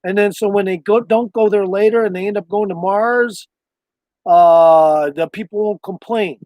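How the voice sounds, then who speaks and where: Streamer type: higher-voiced man, casual and cussing, dry close-mic home recording. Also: moderate pace, darkish tone, dry recording. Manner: loose, profane, meandering talk. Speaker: livestreamer. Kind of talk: casual rambling livestream chat.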